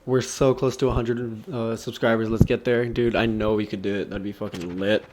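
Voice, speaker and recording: A man's voice: on the low side, moderate pace, noisy background. Laughing, foul-mouthed young man telling a story. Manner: laughing, swearing, animated storytelling. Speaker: vlogger. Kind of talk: casual storytime vlog.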